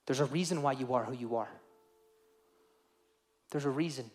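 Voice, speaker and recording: A man's voice: medium pitch, moderate pace, darkish tone, faint music behind. A young man preaching a sermon to teenagers as youth pastor, earnest and emotional, repeating phrases for emphasis.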